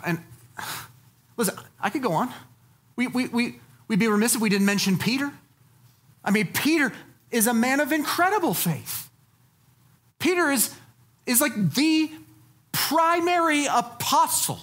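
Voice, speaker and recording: A woman pastor delivering a sermon, lively and dynamic, dropping to low, soft tones for emphasis. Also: a little slow, long pauses.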